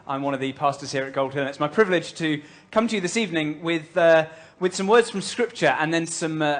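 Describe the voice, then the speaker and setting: A man's voice: on the high side, fairly bright tone. A man preaching a sermon as pastor of his church, telling a story conversationally with light humour and frequent fillers.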